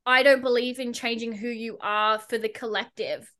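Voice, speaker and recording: A young woman chats on a podcast in a casual, blunt way. She is sarcastic and swears freely. Her voice is bright and a little high. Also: steady tone, moderate pace. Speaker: podcast guest, entrepreneur.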